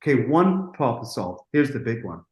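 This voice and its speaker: A man of middle pitch spins a lively studio anecdote, slipping into the voices of the people he quotes and breaking off for quick asides. He sounds relaxed and conversational, and his voice carries a noticeable room echo. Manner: animated storyteller, acts out dialogue, quick asides. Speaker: music producer telling a studio story. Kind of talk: casual anecdote in an interview.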